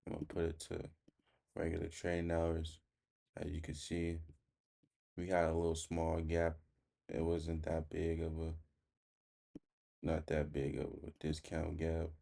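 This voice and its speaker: A man, casually walking through his trading day in a relaxed, plain-spoken way. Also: a bass voice, a little slow, creaky, long pauses. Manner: relaxed, plain-spoken, thinks aloud with fillers. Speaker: day trader vlogger. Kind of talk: casual trading recap over charts.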